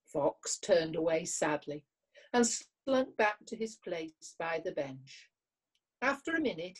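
A woman reading a children's storybook aloud in an expressive, measured way. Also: fairly low pitch.

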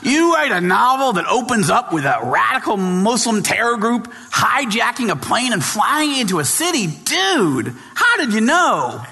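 Guy doing a brash rock dj voice, drawly dude-talk, high and jumpy. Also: very animated, unhurried, gravelly, few pauses, pushed and bright, in a large hall, heavily acted. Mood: incredulous. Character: brash excitable male rock radio DJ. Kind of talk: impression within a speech.

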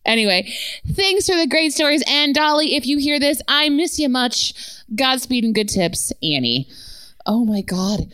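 A woman's voice: high voice, moderate pace, clean tone, no room sound. A woman co-hosting a podcast, reading listener stories aloud with frequent laughs and swearing. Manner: laughs often, swears, animated delivery. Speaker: podcast co-host.

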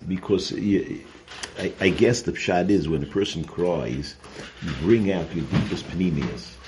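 A man's voice: low voice, measured pace. A man teaching a weekly Torah portion class, earnest and explanatory, often restarting and repeating his words. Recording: noisy recording.

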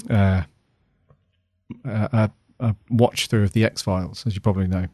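A man's voice: fairly low pitch, fairly even intonation, moderate pace, a little mellow, dry recording. Guy cohosting a podcast, chatty, lots of ums, dead dry sound. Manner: chatty, upbeat, hesitant with ums. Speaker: podcast co-host. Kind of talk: casual chat.

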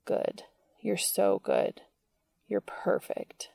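Commanding young man, quiet and gravelly, read by a woman. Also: deep voice, animated, measured pace, dry recording, full character voice. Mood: low coaxing. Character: dominant young man, tender and teasing.

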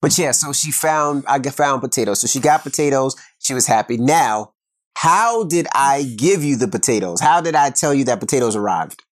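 A man's voice: mid-range voice, expressive, normal speed. A man co-hosting a casual couple's podcast, telling stories in a laid-back, joking way. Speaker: podcast co-host.

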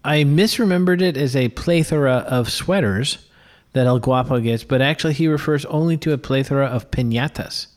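A man co-hosting a casual film podcast, relaxed and chuckling often as he talks. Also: mid-range voice, brisk. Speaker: podcast co-host, filmmaker.

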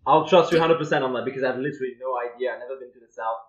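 A man playing a casual trivia game, quick and reactive. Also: mid-range voice, reverberant, lo-fi sound, a crowd in the background. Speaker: quiz player.

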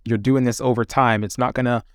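A male podcast host asks long, loose questions full of fillers. His voice sits in a middle pitch, and the sound is dry and close. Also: fairly even intonation, a little fast, clear, resonant tone, no echo. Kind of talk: casual interview.

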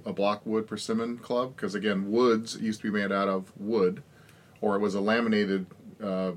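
A man's voice: lowish voice, a little hiss or hum. An older man co-hosting a casual podcast, joking with his co-hosts and explaining equipment history at length. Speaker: podcast co-host. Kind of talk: casual chat.

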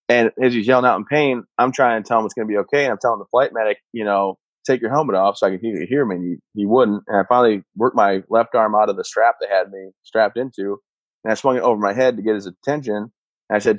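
Low-voiced man telling his story flatly. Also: no room sound. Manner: matter-of-fact, steady. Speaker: interview guest, combat veteran. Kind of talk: personal storytelling. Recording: dull muffled sound, dry.

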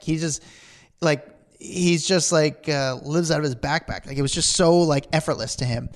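Guy rattling off stories super quick, kinda high voice, lots of "like"s. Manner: rapid, rambling, full of "like" fillers. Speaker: podcast guest. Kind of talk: animated storytelling in casual chat.

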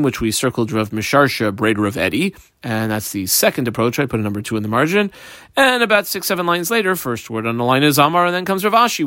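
A man's voice: a little high, a bit bright, dry recording, clean studio sound. Methodical man teaching a text class. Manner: methodical, reads each term then explains it. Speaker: Talmud teacher. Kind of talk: page-by-page study class.

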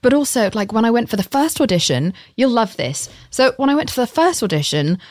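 A woman's voice: on the high side, sing-song, fairly quick, no room sound, studio quality. English woman telling candid stories. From England. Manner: candid storytelling, frequent swearing. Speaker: actress guest. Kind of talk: casual chat.

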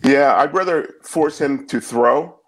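A man giving his take on football as a guest analyst, measured, with many fillers and repeats. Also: mid-range voice, creaky, poor audio. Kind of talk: casual sports talk.

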